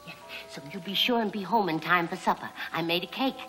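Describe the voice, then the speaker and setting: A woman's voice: fairly low pitch, brisk, music in the background, close to an everyday voice, rough recording. An actress playing a doting, chatty housewife mother in her forties, with a gushing, sing-song manner. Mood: fussing. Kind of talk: film drama acting.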